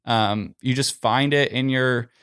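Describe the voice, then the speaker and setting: A man's voice: medium pitch, slow pace, a bit bright, smooth. A young man, a pro golfer and podcast guest, telling a story in a casual, rambling way, packed with "like" and "you know".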